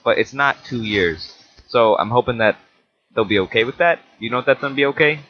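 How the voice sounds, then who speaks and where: A man's voice: mid-range voice, animated, fairly quick. A teenage boy co-hosting a casual podcast, easygoing and teasing. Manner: easygoing, teasing, laughs often. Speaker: podcast co-host. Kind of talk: casual chat. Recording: dull lo-fi recording with faint hiss.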